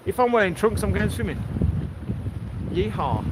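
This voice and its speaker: A man's voice: on the high side, expressive, moderate pace. A man with an English accent, joking and chatting casually during a walking livestream outdoors. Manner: chatty, joking, laughs often. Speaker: livestream host. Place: outdoors on a coastal walk. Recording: outdoor noise behind.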